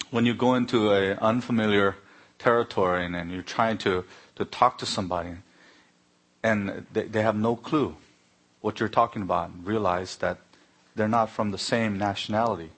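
A man's voice: lowish voice, moderate pace. A middle-aged man, preaching a sermon full of personal stories and acted-out dialogue. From Korea. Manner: anecdotal, animated when acting out dialogue. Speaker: pastor. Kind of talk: sermon with storytelling.

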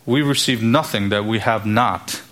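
A man's voice: on the low side, moderate pace, fairly bright tone. A male pastor preaching an expository sermon, reading and explaining scripture verses, with light laughs between his points. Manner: expository preaching, rising emphatic when quoting scripture.

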